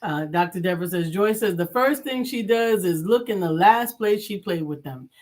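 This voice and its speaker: Woman with a lively, swinging voice. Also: fairly low pitch, normal speed. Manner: laughs often, chimes in with short replies and reads comments. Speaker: podcast co-host. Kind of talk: casual chat.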